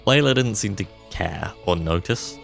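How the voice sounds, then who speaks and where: A man streaming a game live, musing in relaxed asides between the dialogue. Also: low-pitched, normal speed, creaky, faint music behind. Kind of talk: live gameplay commentary.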